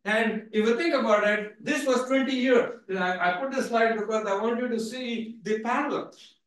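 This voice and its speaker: A man's voice: extremely high pitch, normal speed, a bit bright, distant mic. Playful, emphatic man in an echoey hall. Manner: playful, emphatic, with many repeated "right?" tags. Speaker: guest speaker. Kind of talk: animated seminar lecture. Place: lecture hall.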